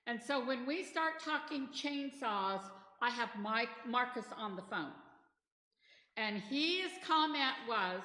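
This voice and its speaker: A middle-aged woman with a bright, forceful, slightly high voice leads a church training session. She talks in a chatty way, wandering into stories and asides. The sound comes from a roomy hall with a long tail of reverb. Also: lively intonation, slow pace. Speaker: disaster response trainer. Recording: echoey hall.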